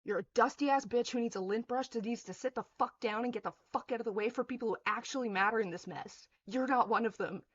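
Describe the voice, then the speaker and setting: A woman's voice: a little high, quick pace, hardly any pauses, dull audio. A young woman on her own video, ranting in fury with heavy profanity and cutting insults, at times mocking others in a sneering voice. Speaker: vlogger. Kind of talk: angry rant to camera.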